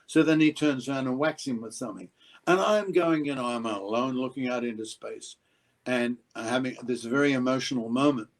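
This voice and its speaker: Older male actor, lively raconteur who acts out quotes loudly. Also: medium pitch, a little fast, poor audio. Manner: animated, acts out quotes with sudden loud outbursts. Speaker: actor guest. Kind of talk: anecdotal interview storytelling.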